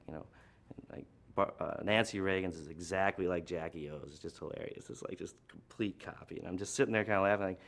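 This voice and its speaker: A man's voice: low-pitched, fairly bright tone, clear, resonant tone. A man telling rambling, laid-back anecdotes in an interview, with lots of "you know" and "like".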